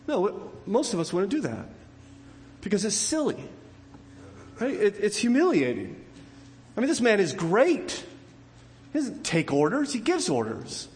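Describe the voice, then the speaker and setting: A man preaching a sermon in a church, telling a story with acted quotes and his voice swinging high and low. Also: wildly swooping pitch, a little slow, long pauses, a little mellow. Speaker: pastor. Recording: long hall reverb.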